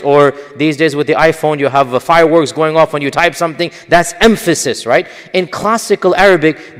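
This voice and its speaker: A man giving an explanatory lecture on Quran commentary, stressing Arabic terms with a lifted voice. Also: a little high. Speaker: Islamic scholar lecturing. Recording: long hall reverb.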